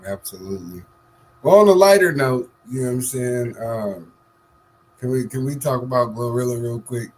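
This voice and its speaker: Animated male co-host, jokey, mid pitch, slight background hiss. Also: normal speed. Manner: animated, joking, laughs often. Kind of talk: casual chat.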